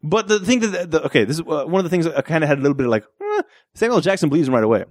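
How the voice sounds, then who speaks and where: A man's voice: fairly high pitch, rapid-fire, no room sound, clean studio sound. A man co-hosting a casual movie review podcast, often acting out lines from the film. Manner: animated, acts out movie lines in raised voices. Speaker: podcast co-host.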